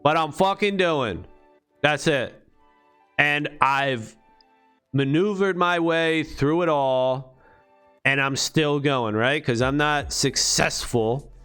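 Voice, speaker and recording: A man's voice: on the high side, slow, sharp tone, clear, resonant tone, faint music behind. A man talking to his channel in a rambling, profane monologue full of rhetorical questions. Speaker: crypto vlogger.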